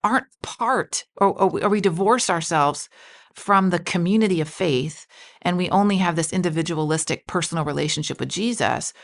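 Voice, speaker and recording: A woman's voice: on the low side, normal speed, creaky. A woman pastor talking through a Bible passage in a podcast conversation, reading verses aloud and asking guiding questions. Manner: reads scripture aloud, asks guiding questions.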